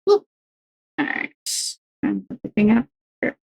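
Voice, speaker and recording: Medium-pitched but swinging hugely in pitch, her gravelly voice comes slowly through a lo-fi recording. She's a streamer stitching cross-stitch at home, rambling chattily and making fun of herself as she tells stories.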